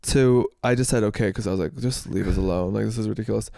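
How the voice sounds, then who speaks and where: A man's voice: fairly low pitch, fast talker, gravelly, dark tone, no echo, studio quality. A man co-hosting a podcast, animatedly retelling a story and acting out what others said. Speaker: podcast co-host. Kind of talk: casual storytelling chat.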